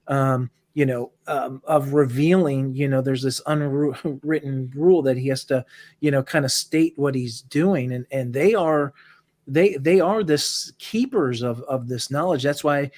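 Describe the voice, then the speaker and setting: A man with a middle-pitched voice talks earnestly and rambles as he builds his point, breaking in with fillers and restarts. The recording is close and dry. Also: dry recording. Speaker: roundtable co-host. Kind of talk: casual discussion.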